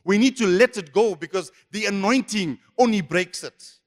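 A man's voice: sits high, normal speed. A man preaching a sermon as pastor, emphatic and repetitive. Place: church hall. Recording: echoey church hall.

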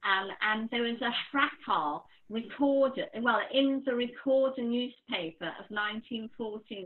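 A chatty woman poet speaking as an interview guest, with plenty of ums along the way. Her voice sits a little high, and the recording sounds thin and phone-like. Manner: chatty, with many fillers. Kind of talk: casual interview talk. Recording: tinny phone-like line.

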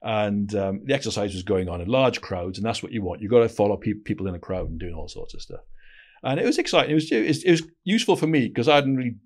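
A man's voice: on the low side, quick pace. Man telling blunt, slangy stories. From Wales. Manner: blunt, slangy anecdotes with frequent restarts. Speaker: podcast guest, former intelligence operative. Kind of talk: casual storytelling interview.

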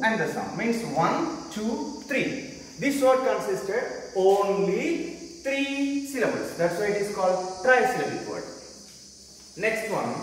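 A man with an Indian English accent lectures on English grammar, speaking slowly with a high, lively voice. He repeats each point and asks the class questions as he goes. The sound is roomy and distant, as if caught by a camera across an echoey classroom. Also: slight background noise. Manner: slow, repetitive explaining with questions to the class. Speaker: English teacher. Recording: echoey room, voice far from mic.

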